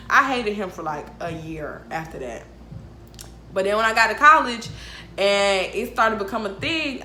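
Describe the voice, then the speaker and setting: A woman in her twenties telling a storytime vlog, animated, frank and profane, laughing often. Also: mid-range voice, echoey room, a little hiss or hum. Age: 20s. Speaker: vlogger. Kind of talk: casual storytime monologue.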